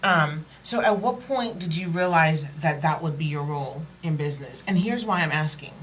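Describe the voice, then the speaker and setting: Woman talk show host, low voice, encouraging interviewer, faint noise behind. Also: lively intonation, moderate pace, poor audio.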